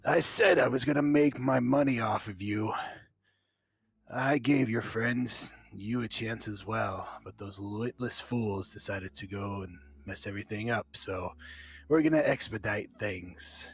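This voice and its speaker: A game master voicing a menacing male bandit boss who talks loudly and gloats. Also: on the low side, unhurried, slightly rough, no echo. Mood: gloating. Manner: loud and gloating.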